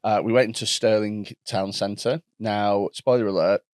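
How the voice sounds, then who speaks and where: A man's voice: fairly low pitch, steady tone, moderate pace, a little mellow, no room sound, clean studio sound. A man co-hosting a comedy podcast, telling rambling stories and laughing along. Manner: rambling, laughing anecdote-teller. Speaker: podcast co-host.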